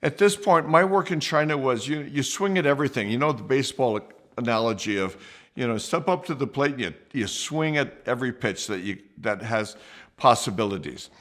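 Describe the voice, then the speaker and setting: Brief: male host spinning a personal story, animated and mid-pitched. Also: a little fast. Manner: lively, with restarts and acted-out quotes.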